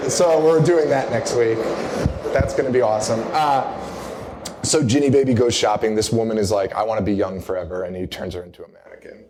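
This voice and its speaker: Brisk and mid-range with a darkish tone, a young man's voice carries over slight background noise. He's hosting a horror podcast live at a bar or venue, rambling through a casual movie recap packed with laughter and acted-out quotes.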